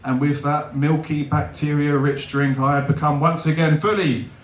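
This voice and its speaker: A young man doing stand-up comedy, animated and laughing, with big swings in pitch. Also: normal speed, echoey room, slight background noise.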